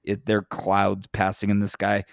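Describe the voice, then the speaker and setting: A man in casual chat who talks in a profane, animated way and gets louder and higher when he is worked up. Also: a little slow, gravelly, dry recording, studio quality. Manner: profane, animated, rises in pitch when impassioned.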